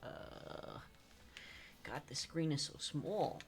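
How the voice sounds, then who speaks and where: A man streaming live gameplay, rambling to himself and his chat, swearing and breaking into loud frustrated outbursts. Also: a little high, drawn-out words, background noise. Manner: self-talk with teasing asides.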